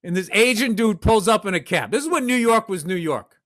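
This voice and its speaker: Man, middle-aged, bright voice, high for a man, profane and self-mocking podcast storytelling. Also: lively intonation, brisk. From Massachusetts. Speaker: podcast host. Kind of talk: storytelling chat.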